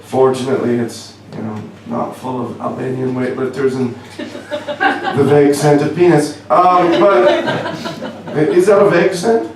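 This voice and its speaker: A man's voice: medium pitch, lively intonation, measured pace, far from the mic, a crowd in the background. A young Canadian man doing a stand-up comedy set in a club, wry and self-deprecating, stumbling over fillers as he goes. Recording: echoey club, voice from afar, faint room noise.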